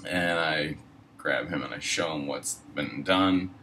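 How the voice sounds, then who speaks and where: A man's voice: a bass voice, slow pace, bright, forceful tone, far from the mic, slight background noise, rough recording. A man casually telling a personal story, rambling and profane, heavy on fillers. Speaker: storyteller host.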